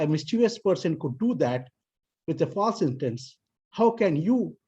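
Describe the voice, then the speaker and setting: A man from South Asia giving a formal speech to a club as area director, weaving in an animated story. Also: husky. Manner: animated storyteller, voices characters in higher pitch. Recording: dull lo-fi video call audio.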